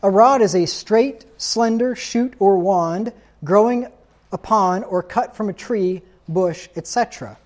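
A man's voice: high-pitched, a little slow. A man preaching a sermon in a stern, insistent tone, reading scripture aloud and asking rhetorical questions.

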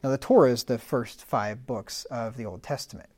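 A man's voice: medium pitch, normal speed, darkish tone. A man giving a teaching talk. He reads old scripture aloud with rising emphasis and slips into plain, conversational asides with fillers between readings. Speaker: Bible teacher.

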